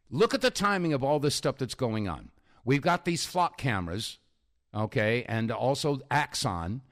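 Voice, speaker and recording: A man hosting a talk radio show, rambling in a chuckling, filler-heavy monologue. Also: fairly high pitch.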